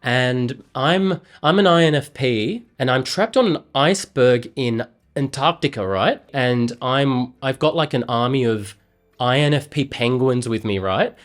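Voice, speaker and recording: A man's voice: medium pitch, a little slow. An Australian man vlogging, chatting playfully with an AI in a rambling way that often trails off. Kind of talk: casual chat with an AI.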